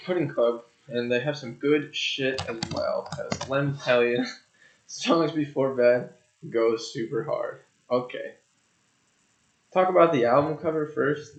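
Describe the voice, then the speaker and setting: Gravelly rambling young guy reviewing albums. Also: mid-range voice. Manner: rambling, profane, jokey and loose. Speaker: music reviewer. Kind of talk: casual album review monologue. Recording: echoey room, dull lo-fi sound.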